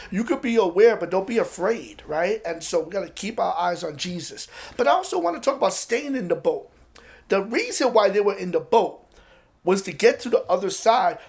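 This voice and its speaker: Man, preacher, slightly high voice, casual sermon, conversational asides.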